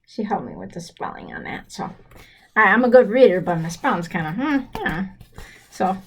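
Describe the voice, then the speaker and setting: A woman with a slight cold talks in a rambling, childlike way. She is halting and excitable, full of ums and restarts, and breaks into giggles. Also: medium pitch, slightly rough. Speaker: storyteller character.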